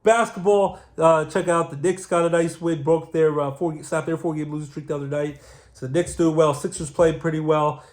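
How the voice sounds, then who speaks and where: Sex: man. Role: sports show host. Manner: rambling, fillers, fairly high voice. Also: steady tone, moderate pace, darkish tone. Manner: rambling, hops between topics with fillers. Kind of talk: casual solo sports talk.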